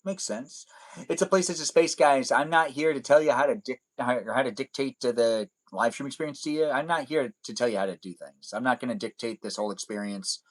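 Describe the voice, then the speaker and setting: A man's voice: medium pitch, fairly quick, poor audio. A man hosting a casual live stream chat, rambling and circling back to his own catchphrases.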